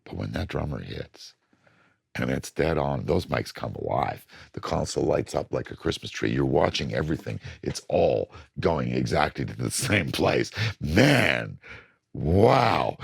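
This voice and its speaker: An older man with a very deep, raspy, gravelly voice tells studio stories with lively swings in pitch. He sounds husky and worn. The recording is dry and close. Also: unhurried, dry recording. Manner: animated storytelling, acts out studio voices. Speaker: record producer. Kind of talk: casual interview talk.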